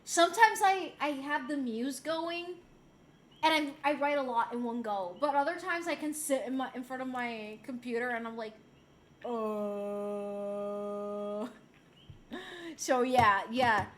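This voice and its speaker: A young woman chats loosely on her stream and reads out chat messages in a high voice. She swears and laughs easily, and her tone stays relaxed and unscripted. Her throat sounds a little sore. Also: moderate pace, a little hiss or hum. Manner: chatty and loose, swears freely, laughs often. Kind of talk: casual chat stream, reading chat aloud.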